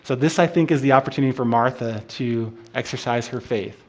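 A man's voice: mid-range voice, brisk. A man leading an informal Bible study, talking through a passage with many fillers and restarts.

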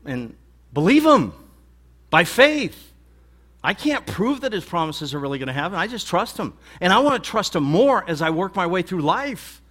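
Male pastor, casual preaching style, emphatic, a bit high-pitched. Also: big pitch swings, a little fast, few pauses, fairly bright tone. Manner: conversational, emphatic, folksy. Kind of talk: sermon.

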